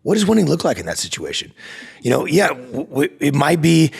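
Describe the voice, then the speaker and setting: A man's voice: fairly high pitch, wildly swooping pitch, a little fast, gravelly, slightly rough. A middle-aged man co-hosting a podcast, explaining leadership ideas in an earnest, conversational way with frequent restarts. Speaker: podcast co-host, leadership coach.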